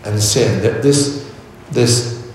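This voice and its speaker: A man preaching a sermon in a measured way, often repeating words as he searches for the next phrase. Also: mid-range voice, darkish tone, slight background noise. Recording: echoey hall, voice from far off.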